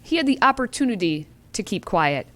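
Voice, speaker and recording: A woman's voice: mid-range voice, very animated, brisk, fairly bright tone. Wry female co-host. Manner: wry, sarcastic. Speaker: talk show co-host. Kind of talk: political talk show banter.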